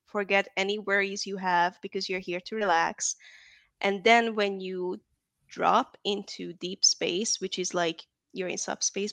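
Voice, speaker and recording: A woman's voice: medium pitch, fairly bright tone, dry recording. A woman from Texas, a guest in a casual interview, talking in a chatty, rambling way and laughing often.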